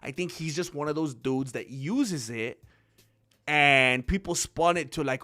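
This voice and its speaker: A man's voice: fairly high pitch, expressive, moderate pace, sharp tone. A young man hosting a casual commentary channel, talking off the cuff in a rambling way with lots of restarts and fillers.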